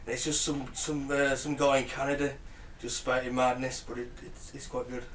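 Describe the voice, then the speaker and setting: A man's voice: mid-range voice, flat delivery, moderate pace, fairly bright tone. A man co-hosting a podcast, chatting casually and making dry, wry remarks. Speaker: podcast co-host. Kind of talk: casual chat. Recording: roomy, distant, faint hiss.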